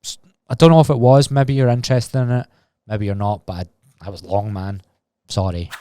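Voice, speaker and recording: A man's voice: on the low side, fairly even intonation, a little fast, dark tone, clear, resonant tone. A Scottish man in his twenties talking candidly and rambling on a solo podcast, swearing freely. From Scotland. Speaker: podcast host.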